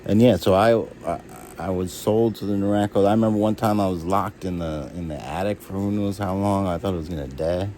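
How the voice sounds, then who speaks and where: A man telling rambling, halting stories about his childhood, jumping from one memory to the next. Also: a little hiss or hum, low-quality recording. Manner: rambling, halting, restarts and jumps between stories; shouts and jumps high when acting out others. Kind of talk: rambling personal storytelling.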